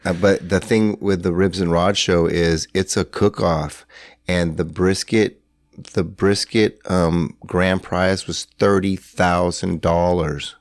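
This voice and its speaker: Low-voiced guy rambling thru a story, lots of ums, dry close mic. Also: fairly even intonation, slow pace, no room sound. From San Antonio, Texas. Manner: rambling, lots of fillers and restarts, acts out dialogue. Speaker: podcast guest. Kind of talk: casual storytelling. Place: hotel room.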